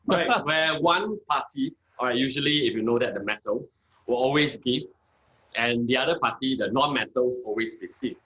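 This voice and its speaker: Guy teaching chemistry, steady, lots of uh and okay, kinda muffled lo-fi audio. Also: medium pitch. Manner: measured, many "uh" and "okay" fillers. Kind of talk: conversational explanation.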